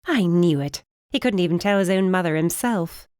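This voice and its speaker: A cold, imperious middle-aged witch mother, as an audiobook narrator plays her, clipped and disapproving. The voice sits fairly low and close, with a dry, dead sound. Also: expressive, moderate pace, darkish tone, smooth, no room sound, close to an everyday voice. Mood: scornful.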